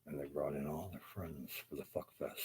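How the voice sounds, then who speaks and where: A man's voice: a bass voice, noisy background. A man who works as a carpenter, ranting to camera in a profane, bitter and rambling way, full of restarts and asides. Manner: talks in loose restarts and asides. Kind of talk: casual rant to camera.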